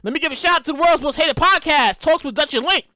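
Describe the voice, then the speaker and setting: A man hosting his own podcast in a casual solo monologue, animated and profane, often repeating himself. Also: very high voice, fast talker, no room sound. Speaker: podcast host.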